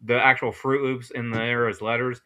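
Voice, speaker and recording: A man's voice: mid-range voice, little pitch movement, moderate pace, sharp tone. A man co-hosting a podcast, chatting in an easygoing way and often ending sentences with "man". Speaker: podcast co-host. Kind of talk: casual chat.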